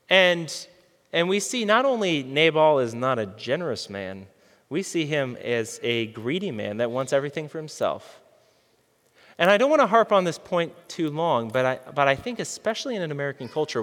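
A man's voice: on the high side, a bit bright, long reverb tail. A man preaching a sermon as a pastor, talking conversationally and asking his listeners questions. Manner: conversational, asks the audience questions.

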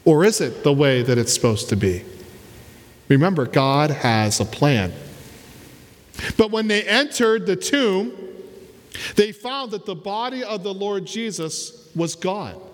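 Pastor, male, high and unhurried, preaching with repetition and rhetorical questions in a reverberant church. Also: very animated. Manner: repeats key words, asks rhetorical questions. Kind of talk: sermon.

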